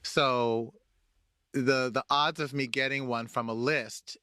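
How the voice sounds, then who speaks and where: A man, a guest, telling a personal story in conversation, animated, often repeating and restarting words. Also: medium pitch, takes it slowly, dry recording, clean studio sound.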